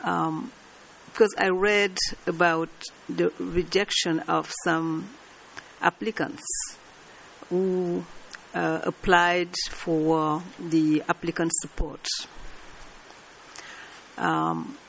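A woman asking a question at a working group meeting, speaking slowly and hesitantly with fillers. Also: lowish voice, fairly even intonation, vocal fry, fairly bright tone, a little hiss or hum, poor audio. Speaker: meeting participant. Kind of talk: meeting discussion.

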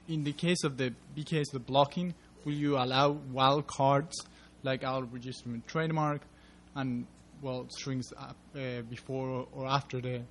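A man's voice: mid-range voice, a little hiss or hum. A man from a consulting firm who asks the panel a question hesitantly, with loose phrasing and many fillers. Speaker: consultant in the audience. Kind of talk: asking questions at a public meeting.

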